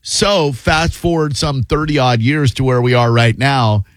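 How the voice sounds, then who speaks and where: Casual radio storytelling comes from a man in his fifties covering as talk radio host, whose rambling tales poke fun at himself and are full of fillers. He speaks at a measured pace with a medium pitch, recorded on a studio broadcast mic in a radio studio with no echo.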